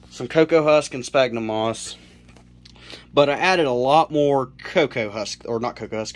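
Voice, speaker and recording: Young man from South Carolina, casual reptile-keeper vlogger, rambling delivery, slightly winded. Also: mid-range voice. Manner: rambling, self-correcting, lots of fillers. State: slightly out of breath. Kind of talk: casual home-build tutorial. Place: cluttered bedroom at home.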